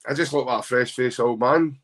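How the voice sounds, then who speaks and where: A Scottish man with a mid-range voice chats casually as a podcast guest. He is jokey and lively and teases himself. His accent comes from Glasgow. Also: medium pitch, fairly quick. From Glasgow, Scotland. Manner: jokey, animated, self-mocking.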